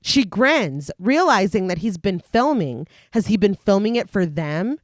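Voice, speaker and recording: A woman's voice: medium pitch, unhurried, no room sound, studio quality. A woman co-hosting a podcast, reading a long plot recap and chatting casually. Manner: recaps plot in long lively read-through, laughs often. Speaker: podcast co-host recapping a film. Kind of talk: casual chat and plot narration.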